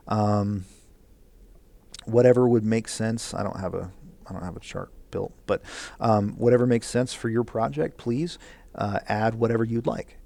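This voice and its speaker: A man's voice: mid-range voice, gravelly, mellow, no room sound. A male teacher recording class instructions, rambling with many fillers, earnest and encouraging.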